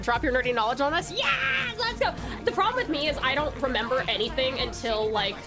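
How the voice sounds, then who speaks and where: A bubbly, high-voiced woman from Tasmania, Australia, livestreams a game and talks to her chat, laughing often. Soft game music runs faintly in the background.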